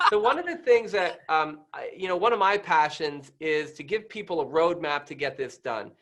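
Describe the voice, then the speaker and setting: A man guest who is a doctor, chatting casually in a rambling, halting way with many restarts. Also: on the high side, lively intonation, sharp tone. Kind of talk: casual interview chat.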